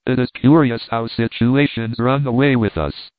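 A man reading a classic novel aloud in a measured, wry storytelling manner. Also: medium pitch, steady tone, no room sound. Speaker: narrator. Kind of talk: audiobook narration of classic fiction. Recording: tinny phone-like dry sound.

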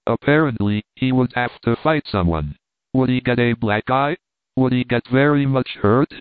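A man narrating a novel in a measured, plain storytelling manner. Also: mid-range voice, clean tone, no echo. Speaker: audiobook narrator. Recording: dry, tinny phone-like sound.

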